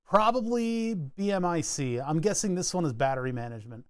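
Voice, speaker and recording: Guy kinda high voiced rambling thru datasheets, jokey, dry close sound. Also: animated, fairly quick, clean tone, dry recording. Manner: chatty, rambling, jokey asides while reading datasheets. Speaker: PCB design streamer. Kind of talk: casual live-stream walkthrough.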